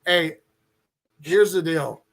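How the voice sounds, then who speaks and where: A talkative man hosting a podcast with a folksy way of speaking. His voice is quite high for a man. He runs the show in a relaxed way. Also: slow, creaky. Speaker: podcast host. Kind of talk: casual podcast chat.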